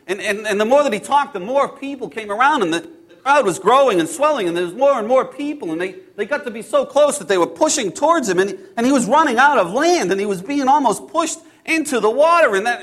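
A man playing Peter, a hot-tempered fisherman, telling his story in the first person with halting, repeated words, hushed one moment and loud and exasperated the next. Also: high-pitched, full character voice. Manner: swings between hushed awe and loud exasperation. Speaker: actor in a first-person biblical monologue.

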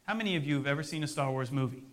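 A man's voice: fairly high pitch, rapid-fire. A middle-aged male pastor preaching a sermon in a conversational way, with self-deprecating humor.

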